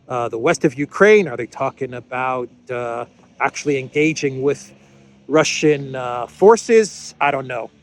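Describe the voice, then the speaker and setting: A man hosting a political commentary show, talking casually with frequent fillers and dry sarcastic asides. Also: mid-range voice.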